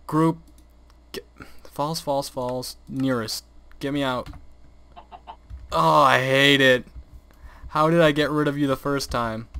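A man's voice: medium pitch, a bit bright, no room sound. A young man narrating his gameplay into a desk microphone, exasperated and profane, often swearing and laughing at what happens. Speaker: gaming video host. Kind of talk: let's play commentary. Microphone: desk microphone, close.

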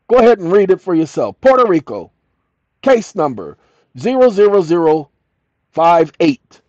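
A man's voice: high-pitched, a little mellow, no room sound. An older man telling a story as a channel host, emphatic and repeating his key lines. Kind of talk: storytelling monologue. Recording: dull lo-fi audio.

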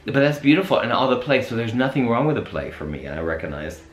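A male host with a mid-range voice speaks fast and very animatedly while giving a reflective spiritual talk. He rambles and searches for words, restarting often, and the recording has an echoey room sound.

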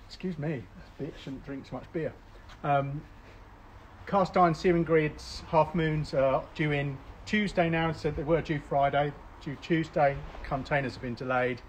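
A man's voice: on the high side, rough recording. Chatty man cooking live. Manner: chatty, rambling, many ums. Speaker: cooking show host. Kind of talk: casual live cooking chat. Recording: faint background noise.

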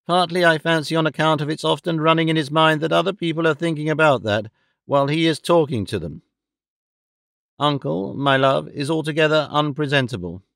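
A man reading an audiobook voices a proud, sharp-tongued young woman who talks in a lofty, affected way. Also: fairly high pitch, gravelly, no room sound, clean studio sound, voice pushed up. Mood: lofty, confiding. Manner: lofty, affected, quick to snap.

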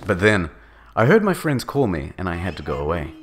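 A man narrating a comedic dramatic reading with a mocking, lively delivery. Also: low-pitched, a little fast, a little hiss or hum.

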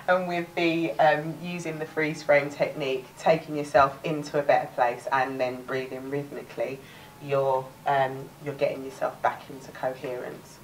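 Casual: low-voiced cockney woman teaching a workshop, chatty, laughs a lot, bit far from the mic. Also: a little hiss or hum. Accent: London Cockney. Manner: chatty, restarts words, laughs often. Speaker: workshop presenter.

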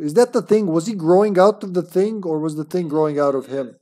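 A young male streamer chats casually over his gameplay, full of quick asides and frequent laughter. His voice sits slightly high for a man, with a loose, jokey delivery. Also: mellow. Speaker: game streamer. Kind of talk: casual gaming commentary.

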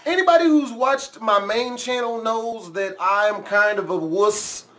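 A man with a somewhat high voice reacts on camera, jumpy and loose-tongued, his talk full of swearing. A faint hiss of background noise sits under his commentary. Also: measured pace, pushed and bright. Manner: profane, jumpy, yelps and swears when startled. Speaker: YouTube host reacting to a scare challenge.

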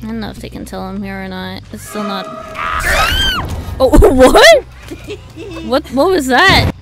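A young woman streaming a horror game, excitable and foul-mouthed, shouting and laughing between muttered remarks. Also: mid-range voice, brisk. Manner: excitable, swears a lot, shouts and laughs in bursts. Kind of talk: live gameplay commentary. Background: game music.

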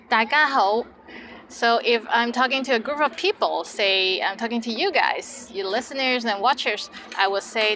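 Bright-voiced woman teaching phrases. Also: a little high, rough recording. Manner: upbeat, playful, explains phrases slowly. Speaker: language teacher. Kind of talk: lively language lesson.

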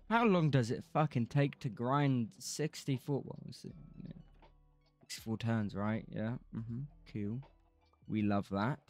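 A streamer drawls through his gameplay in unhurried, casual chat, drifting between topics, swearing freely and half-singing bits of songs. His voice is medium-pitched and darkish, with faint music playing underneath.

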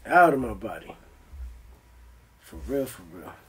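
Young guy telling a stoned story, all over the place in pitch, swears a lot, acts out the bits. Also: a little slow. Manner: animated, profane, acts out his own voice in the story. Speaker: guest. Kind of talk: casual storytelling.

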